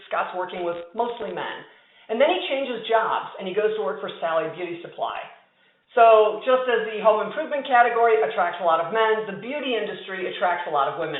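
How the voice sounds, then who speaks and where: A woman giving a conversational keynote talk to a conference audience, telling a story with emphatic asides. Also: medium pitch. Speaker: conference speaker. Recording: tinny, echoey hall sound.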